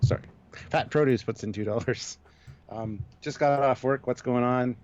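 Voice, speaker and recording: A man's voice: mid-range voice, moderate pace, a little mellow, highs cut off. A man co-hosting a live stream, chatting casually, reading viewer comments aloud and laughing often. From Canada.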